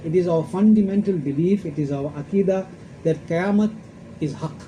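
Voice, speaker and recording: An Islamic scholar speaks at a moderate pace in a warm, high-sitting voice, lecturing emphatically with rhetorical questions, Arabic verse quotations, and repeated points. The recording has its highs cut off and a little hiss or hum.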